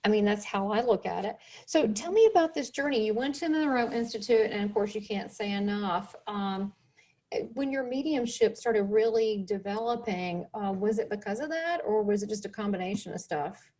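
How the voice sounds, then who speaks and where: A woman hosting a relaxed interview, talking freely with lots of asides and quick turns of thought. Her voice sits at an ordinary middle pitch. She keeps the conversation lively and personal. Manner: animated, chatty, many asides. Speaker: show host. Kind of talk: casual interview chat.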